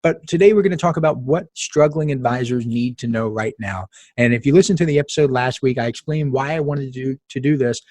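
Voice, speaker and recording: Husky-voiced man hosting a podcast. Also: mid-range voice, fairly quick, few pauses, darkish tone, no room sound. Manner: chatty, emphatic, storytelling with asides. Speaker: podcast host. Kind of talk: casual podcast monologue.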